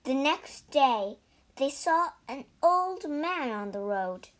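A woman reading a storybook aloud slowly and clearly for English learners. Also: high-pitched, animated. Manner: slow, clear, deliberate.

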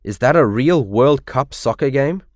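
A man's voice: medium pitch, lively intonation, measured pace, a little mellow, no echo, clean studio sound, natural voice. A man voicing a plain-spoken young girl in a children's storybook reading. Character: young girl friend, frank.

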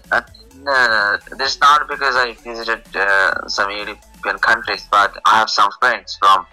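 Low-voiced Bangladeshi man on a call. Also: steady tone, unhurried, bright, forceful tone, low-quality recording. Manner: hesitant, many uh fillers. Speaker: guest, police officer. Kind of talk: casual interview over a video call. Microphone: internet call. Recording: compressed online call with faint music.

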